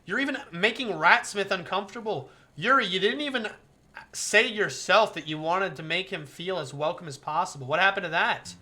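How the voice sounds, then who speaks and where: A woman's voice: lowish voice, normal speed, sharp tone. A woman voicing a teenage girl who leads a club, lecturing two members in a firm, reproachful way. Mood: scolding.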